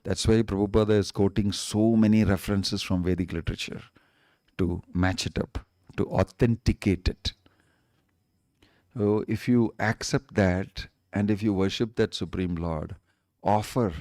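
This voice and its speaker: Guy preaching, lowish voice, emphatic, dry close sound. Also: a little slow, darkish tone, no echo. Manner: emphatic, repeats points, draws out key words. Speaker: swami giving a discourse. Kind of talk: sermon. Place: temple hall.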